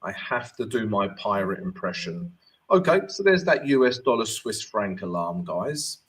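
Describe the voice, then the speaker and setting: A man's voice: medium pitch, fairly bright tone. Chatty man hosting a trading live stream. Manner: chatty, reads viewer comments aloud and answers them; upbeat greetings, talks while walking through charts. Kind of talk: casual live-stream chat.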